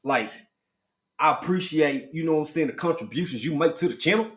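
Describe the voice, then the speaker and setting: A man's voice: on the high side, lively intonation, brisk. A man co-hosting a casual livestream from home, speaking in a laid-back, slangy way and greeting chatters by name. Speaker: livestream co-host. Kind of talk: casual live chat. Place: home room, in Texas.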